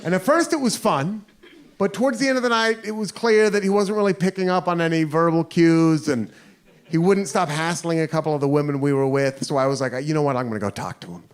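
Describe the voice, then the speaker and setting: A man from the United States performing a stand-up comedy set with animated storytelling in a live comedy venue. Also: fairly high pitch, a little fast. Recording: noisy live crowd laughter.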